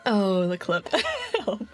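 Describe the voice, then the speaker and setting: A woman's voice: mid-range voice, poor audio. A woman streaming a game in casual chat, laughing constantly and reading out her chat, with a noticeable accent of her own. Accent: non-standard accent.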